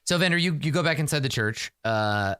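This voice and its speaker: A man's voice: fairly high pitch, lively intonation, fairly quick, a bit bright, smooth, dry recording, studio quality. A man narrating a tabletop game as game master in a casual, rambling way. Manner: casual, rambling, many fillers.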